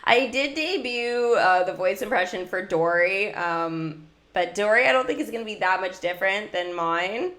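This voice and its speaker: A woman's voice: mid-range voice, expressive, normal speed, a bit bright, reverberant. A woman livestreaming a mobile game, talking casually and giggling often, with many "like" fillers. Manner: chatty, giggly, heavy use of "like". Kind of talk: casual gameplay livestream chat.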